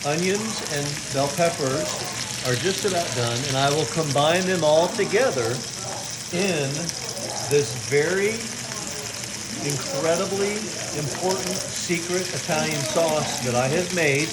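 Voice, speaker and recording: An older man talks through his holiday cooking in a home kitchen, his voice sitting a bit high for a man. He is chatty and playfully proud. Pans fry and sizzle loudly behind him. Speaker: family cook filming a holiday video. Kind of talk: casual home video narration. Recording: home video with kitchen noise. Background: frying sizzle.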